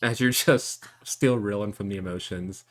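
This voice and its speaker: A man narrating as game master of a tabletop game, telling the scene to the players in a relaxed, second-person way. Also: on the low side, moderate pace.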